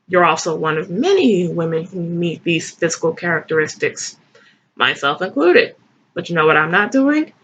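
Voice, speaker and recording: A woman's voice: on the low side, big pitch swings, normal speed, a bit bright, slightly rough, muffled recording. A woman giving sarcastic, mocking comedic commentary as host. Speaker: host reading and mocking fan fiction.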